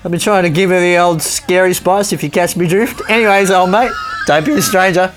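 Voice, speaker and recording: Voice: mid-range voice, a little fast, pitched above the performer's own voice, lightly acted. A podcast host putting on a cheeky, brash Australian bloke with a raised, singsong voice, reading out crude fan comments. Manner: brash, singsong, full of slang sign-offs.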